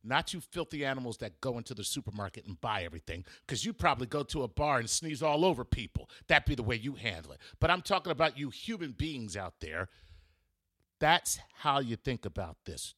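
A male comedian hosts his podcast from home in a casual, joking monologue, full of sarcasm. His pitch swings animatedly up and down. The sound is close and dry. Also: very animated, brisk, a bit bright, no echo. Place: room at home.

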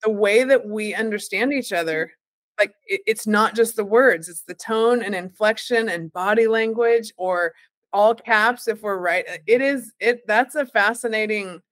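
Woman host, mid-pitched, thoughtful, reflective questions, dry sound. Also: a little slow, fairly bright tone, no echo. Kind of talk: casual interview talk.

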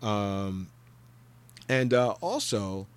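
A man's voice: expressive, drawn-out words, clean tone. A man hosting a solo podcast, giving a rambling, jokey and profane rant of pop-culture commentary. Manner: breaks into loud high-pitched impressions. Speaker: podcast host.

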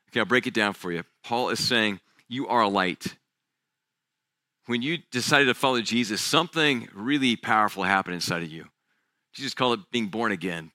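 A male pastor preaching a sermon, telling stories in a casual, conversational way, often dropping to a quiet, intense voice when he quotes someone. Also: mid-range voice, dry recording, studio quality. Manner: conversational storytelling with casual fillers.

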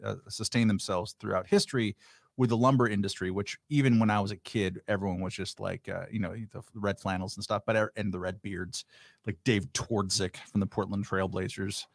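Low-voiced man, dry and close. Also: steady tone, a little fast, creaky, no room sound. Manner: rambling, with many fillers. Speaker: host. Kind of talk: casual conversation.

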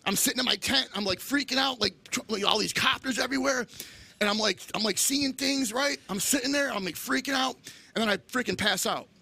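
A middle-aged man telling animated stories in casual chat, acting out the voices of people he quotes. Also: very high voice, a little fast, gravelly, slightly rough. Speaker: guest.

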